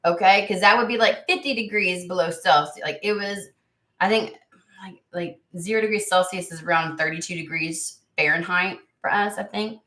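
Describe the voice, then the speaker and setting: Chatty middle-aged woman, bright echoey voice. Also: on the low side, normal speed. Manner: chatty, blunt, talks to chat by name. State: recovering from illness, voice still affected. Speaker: tarot channel host. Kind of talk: casual livestream chat with viewers.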